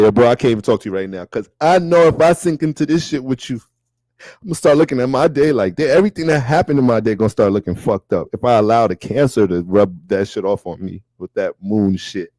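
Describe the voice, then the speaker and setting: A man giving a casual astrology reading, talking in a loose, profane and animated way. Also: medium pitch, no room sound.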